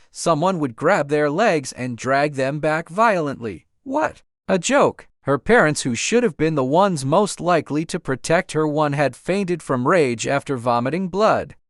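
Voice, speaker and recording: A man's voice: on the high side, no echo, clean studio sound. A man narrating a dramatic first-person story in a vivid, dramatic telling.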